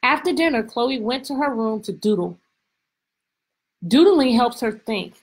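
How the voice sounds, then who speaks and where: A woman teacher reads a picture book aloud to her class, stopping often to ask questions and act out lines. Her voice is a little high and breathy, and she takes her time with each phrase. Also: unhurried, low-quality recording. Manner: lively, expressive, stretches words, asks questions. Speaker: teacher reading aloud to students. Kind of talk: storybook read-aloud lesson.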